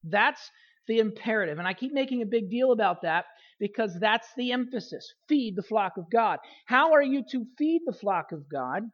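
A woman pastor preaching a sermon, repeating key phrases for emphasis and letting her voice fall softly at the end of phrases. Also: on the high side, animated, moderate pace, dull audio.

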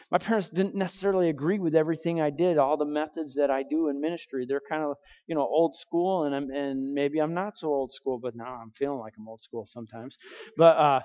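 A man's voice: medium pitch, darkish tone. A male pastor telling a personal story from the pulpit in a conversational way, with fillers and restarts. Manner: conversational, acts out quoted voices, frequent fillers and restarts. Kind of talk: sermon storytelling. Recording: dull reverberant hall recording.

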